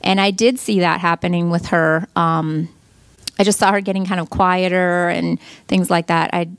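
A middle-aged woman telling her story as a mother, earnest and halting, often restarting her sentences. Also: fairly low pitch, steady tone, smooth, no room sound. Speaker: mother giving a testimonial. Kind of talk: personal testimonial.

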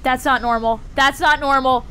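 A woman's voice: high voice, steady tone, moderate pace, sharp tone, a little hiss or hum. A young woman commentating her own horror game playthrough, dramatic and jokey, shrieking when startled. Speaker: gaming YouTuber. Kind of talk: let's play commentary.

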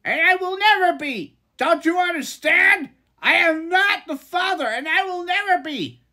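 A woman voicing a loud, boastful male cartoon milkshake who shouts indignant denials. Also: extremely high pitch, lively intonation, unhurried, exaggerated voice. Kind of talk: live-stream voice impression.

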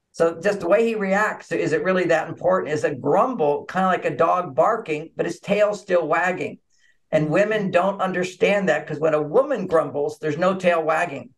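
A man as an interview guest, telling stories and acting out little scenes of dialogue over a video call. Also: high voice. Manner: animated, acts out quoted dialogue. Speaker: relationship author and interview guest. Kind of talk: conversational interview storytelling.

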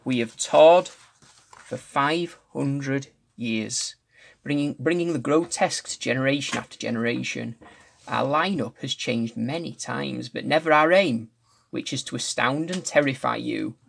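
A man reading aloud as a tall, eerie male circus ringmaster with a low, croaky voice, delivering solemn warnings. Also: unhurried, a bit bright. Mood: ominous.

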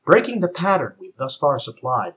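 Guy doing a nitpicky android officer, flat and precise, a bit raised, muffled lo-fi sound. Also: a little high, moderate pace, voice pushed up. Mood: pedantic. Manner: pedantic, matter-of-fact. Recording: dull lo-fi with faint guitar.

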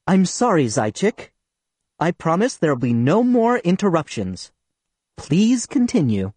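A man reading the part of a prim female schoolteacher in an audiobook, raising his voice into a higher, lively register for her. Her syrupy politeness hardens into cold sternness. The sound is close and dry. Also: a little slow, husky, no room sound, full character voice. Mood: sugary. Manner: sweetly polite, turning sharp and stern. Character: strict, sugary female Soviet schoolteacher.

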